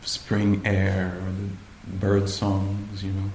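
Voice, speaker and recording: Slow, searching male meditation teacher. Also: low-pitched, monotone, a little mellow, slight background noise. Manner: slow, hesitant, searching for words. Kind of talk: retreat dharma talk. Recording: echoey room, faint ambience.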